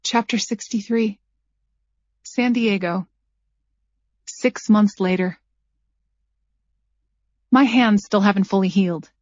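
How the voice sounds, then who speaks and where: A woman narrating a first-person thriller audiobook at a measured pace, her character's lines dryly sarcastic. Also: medium pitch, a little mellow, no room sound. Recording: dull lo-fi dry recording.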